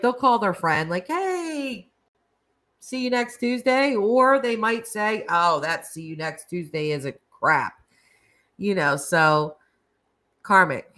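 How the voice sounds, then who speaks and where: Reacting to comments on her relaxed live stream, a US woman chats and laughs. Her voice sits on the low side and carries a sharp tone.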